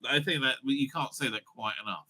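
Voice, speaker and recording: A man's voice: mid-range voice, quick pace, bright, forceful tone. A man hosting his own online show, rambling in a loose, profane, laughing commentary style. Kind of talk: casual ranting commentary.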